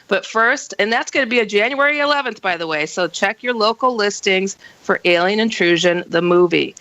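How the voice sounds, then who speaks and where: A woman hosting a radio talk show, bubbly and quick to laugh, chatting casually with her guest. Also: dry recording, dull audio. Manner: bubbly, laughs often, lively pitch jumps.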